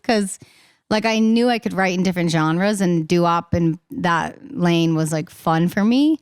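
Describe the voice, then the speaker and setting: A young woman in casual podcast chat as a singer-songwriter guest, talking fast and laughing, acting out the voices she quotes. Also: mid-range voice, clean tone, no room sound, studio quality.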